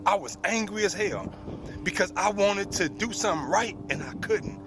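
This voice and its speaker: A man's voice: sits high, lively intonation, moderate pace. A man in his forties telling a personal story, plain spoken and full of street slang. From United States. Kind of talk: personal story told to an audience.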